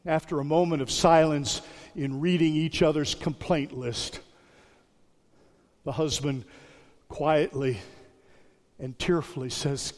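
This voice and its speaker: A male pastor delivers a sermon in a somewhat high voice, leaning hard on key words and repeating them. He often sinks to a quiet, tender hush. The sound trails off in the long reverb of a church hall. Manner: dropping to a soft hush on repeated phrases; measured, emphatic preaching with deliberate repetition. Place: church sanctuary.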